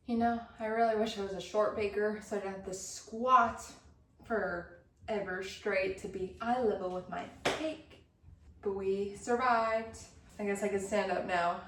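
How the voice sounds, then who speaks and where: A woman's voice: mid-range voice, steady tone, a little slow, noisy background. Chatty woman baker in a roomy kitchen. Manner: chatty, self-deprecating, jokey. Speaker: baking vlogger. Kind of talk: casual chat while baking. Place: cold kitchen. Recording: roomy, from a distance.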